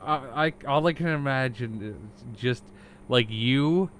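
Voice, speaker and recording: A man's voice: medium pitch, takes it slowly, a little hiss or hum. Crude-joking young man on a podcast. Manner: crude joking, hesitant with many fillers. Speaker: podcast co-host. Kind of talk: casual chat.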